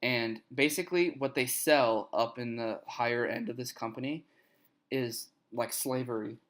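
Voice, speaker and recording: A man's voice: medium pitch, moderate pace, fairly bright tone. A young man co-hosting a podcast, chatting casually and steering the talk about a film. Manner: easygoing, chatty, guides the conversation. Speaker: podcast co-host. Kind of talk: casual chat. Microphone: podcast microphone.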